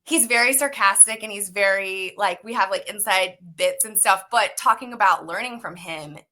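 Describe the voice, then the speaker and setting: Bubbly, bright-voiced young actress. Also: female voice, medium pitch, normal speed. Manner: bubbly, animated, full of "like" and voiced quotes. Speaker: actress guest. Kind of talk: casual interview storytelling.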